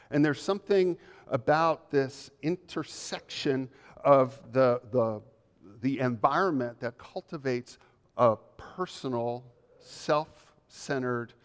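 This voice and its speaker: A male pastor delivers a measured, emphatic sermon full of repeated phrases. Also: mid-range voice, clear, resonant tone. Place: church sanctuary. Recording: long reverb of a church hall.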